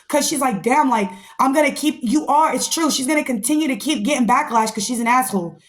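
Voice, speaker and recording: A woman hosting a podcast, giving a blunt, profane, fired-up recap of a reality show and talking to listeners as y'all. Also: high-pitched. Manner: slangy, addresses listeners as y'all. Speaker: podcast host.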